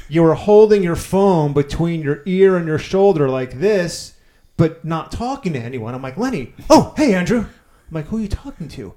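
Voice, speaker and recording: A man's voice: on the high side, mellow. A man hosting a casual chat, animatedly retelling a story, acting out quotes and swearing freely.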